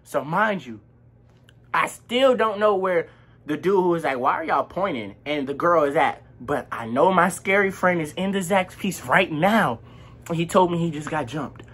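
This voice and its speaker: Husky young man telling a wild story. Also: fairly high pitch, unhurried. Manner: animated, slangy storytelling that acts out the dialogue. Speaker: vlogger. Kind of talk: casual storytime vlog.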